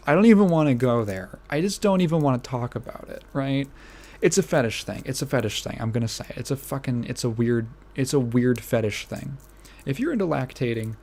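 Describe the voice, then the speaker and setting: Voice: mid-range voice, expressive, moderate pace, darkish tone. A podcast host ranting casually, outraged and incredulous, swearing and repeating phrases with bursts of laughter.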